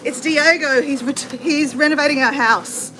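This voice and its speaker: A middle-aged Australian woman hosts a casual livestream from home, walking on a treadmill and sounding slightly effortful as she chats and answers viewer comments. Her voice is high, bright, and forceful at a moderate pace, while renovation banging makes the background noisy.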